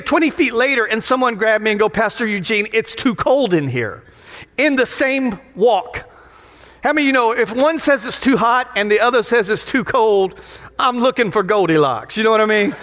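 A man pastor preaching a lively, playful sermon in a church sanctuary, often putting questions to the crowd. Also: extremely high pitch. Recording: long hall reverb of a sanctuary.

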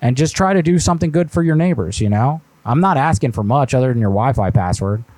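A man's voice: mid-range voice, lively intonation, quick pace, darkish tone, no room sound. A man hosting a live stream and making a prank call, fake-friendly and then needling with mock offense. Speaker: prank caller, host.

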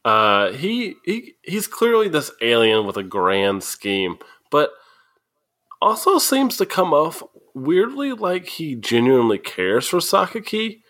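A male podcast co-host who talks in an animated, rambling way and laughs often. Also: a little high, takes it slowly. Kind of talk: casual podcast chat.

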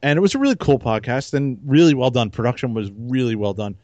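Man, podcast co-host, laid-back, rambling, mid pitch, dry close mic. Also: fast talker, no room sound, muffled recording. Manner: relaxed, rambling, many restarts and fillers. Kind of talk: casual chat.

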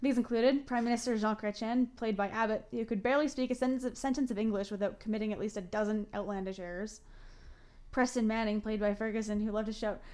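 A woman's voice: a little high, steady tone, fast, darkish tone, a little hiss or hum. A woman, from Ontario, co-hosting a casual podcast. She switches between reading notes and chatting, laughs often, and fills her speech with "like" and self-corrections. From Ontario, Canada. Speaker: podcast co-host.

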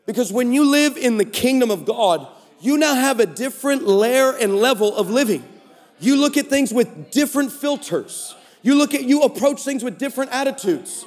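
A male preacher delivering a lively conference sermon, swinging between shouted peaks and low, quick asides. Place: large conference hall. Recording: reverberant hall.

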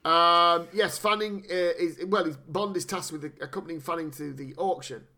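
A man co-hosting a casual, sweary chat, animated and fond of putting on mock voices. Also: a little high, moderate pace. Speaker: podcast co-host.

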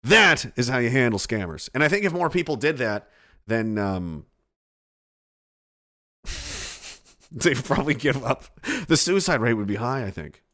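A man's voice: mid-range voice, sing-song, a little slow, long pauses, pushed and bright. A man, streaming and reading chat aloud in casual, sarcastic, profane rambling. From Canada.

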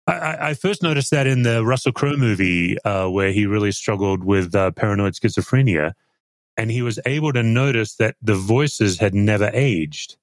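A man in his fifties hosts an interview, speaking in a reflective, halting way. His voice sits at a middle pitch and sounds dry and close to the mic. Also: no echo. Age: 50s. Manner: reflective, halting with repeated restarts. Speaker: podcast host. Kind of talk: conversational interview.

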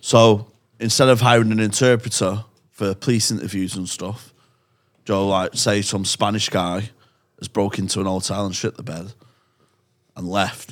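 A man's voice: lowish voice, steady tone, normal speed. Playful man, rambling banter. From England. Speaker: podcast co-host. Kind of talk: casual podcast banter.

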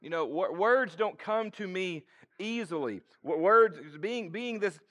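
A preacher acting out a nervous man who stumbles over his words, repeating himself as he pleads that he cannot speak well. The voice sits higher than a plain speaking voice and gets louder as the plea builds, halting and then suddenly rushing. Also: animated, big-room sound. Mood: anxious, pleading. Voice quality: stammering, halting. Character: hesitant stammering man doubting his speaking.

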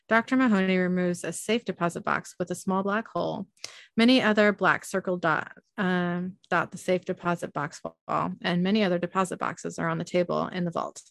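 A woman's voice: fairly low pitch, gravelly, no room sound. A young woman hosting a podcast, casually reading an episode recap aloud with frequent ums. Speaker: podcast host.

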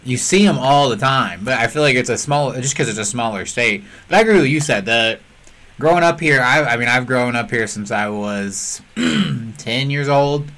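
A young man hosting a podcast, chatty and quick to jump in with casual conversation. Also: medium pitch, a bit bright. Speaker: podcast host.

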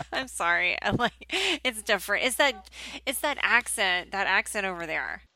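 Woman, bright tone, chatty, giggly, casual podcast chat, dry sound. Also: mid-range voice, animated, unhurried, dry recording. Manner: chatty, giggly, acting out little quotes. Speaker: podcast co-host.

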